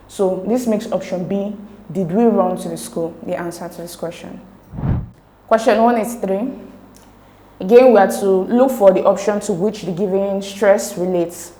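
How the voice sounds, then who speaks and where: Woman tutor with a mellow voice. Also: medium pitch, fairly even intonation, echoey room, low-quality recording. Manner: slow, careful, spelling out sounds and options. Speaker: exam tutor. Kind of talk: recorded exam lesson explaining answers.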